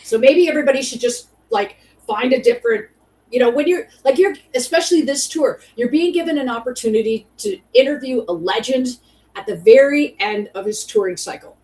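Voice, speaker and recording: A woman's voice: sits high, expressive, brisk, a little mellow, recorded from a distance, rough recording. A woman hosting a podcast, ranting in casual chat, profane and rambling with many fillers. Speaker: podcast host.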